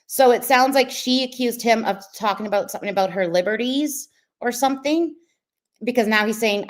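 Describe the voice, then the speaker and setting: A woman's voice: a little high, brisk. Chatty woman commentary host. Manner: chatty, lots of "like", explaining. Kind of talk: casual reaction commentary.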